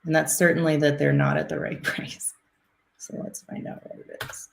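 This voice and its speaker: A woman's voice: deep voice, level tone, normal speed, gravelly. A woman making live acquisitions calls on a teaching stream, upbeat, laughing easily and poking fun at herself. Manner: laughing, self-deprecating, upbeat. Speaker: acquisitions caller. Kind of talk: live call demonstration.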